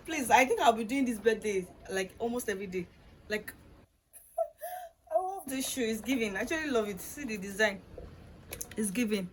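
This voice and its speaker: A young woman with a fairly high voice gushes her way through a casual vlog. She exclaims and laughs often as she talks to her viewers. The phone recording at home carries a clear layer of background noise. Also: expressive, normal speed, pauses often. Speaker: vlogger unboxing birthday gifts. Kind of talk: excited casual chat to camera.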